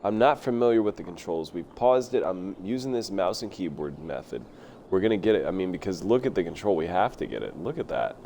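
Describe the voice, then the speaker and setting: Excitable lower-voiced male streamer. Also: fairly quick, slight background noise. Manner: excitable, rambling, self-talking. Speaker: video game streamer. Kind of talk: casual live gameplay commentary.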